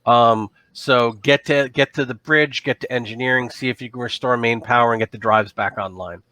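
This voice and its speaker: Brief: stern spaceship captain, slow measured orders, bright dry voice, voiced by a male game master. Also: medium pitch, fairly even intonation, dry recording, lightly acted. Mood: ordering.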